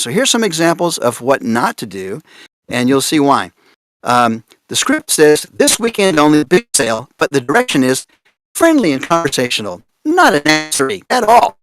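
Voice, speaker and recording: A man speaking on a conference panel about voice casting, animated and amused as he reads out odd casting notes. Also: medium pitch, dry recording, clean studio sound. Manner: animated, laughing, reads out examples with amused disbelief. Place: conference room.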